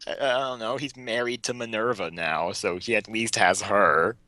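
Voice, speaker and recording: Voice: medium pitch, fairly even intonation, moderate pace, sharp tone, no echo. A co-host reading a story aloud, stopping to question the text with bemused, joking remarks. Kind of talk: comic story reading and riffing.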